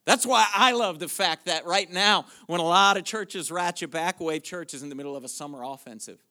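A man pastor preaching a sermon, moving from quiet questions to loud, shouted declarations. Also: high-pitched, fairly quick.

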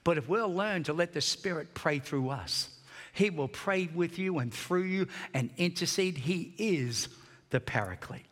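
A male pastor preaching a sermon with fervent storytelling, swinging from near-whispers to shouts. His voice sits high and bright. The sound rings with the long reverb of a large church hall. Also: lively intonation, a little slow. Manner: passionate storytelling, swings between shouting and hushed.

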